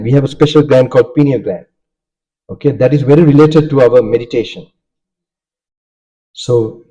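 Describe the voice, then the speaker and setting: A man's voice: mid-range voice, mellow. A Sri Lankan man, a native Sinhala speaker and Buddhist monk, giving a Dharma talk and often checking in with listeners by asking "okay?". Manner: asks the audience questions, checks in with "okay?". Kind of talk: Dharma talk with audience questions. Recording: dull lo-fi sound.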